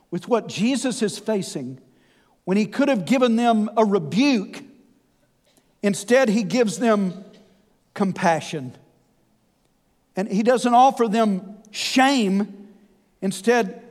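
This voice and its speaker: A man preaching a sermon, folksy and animated with conversational asides. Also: high voice. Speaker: pastor. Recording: long hall reverb.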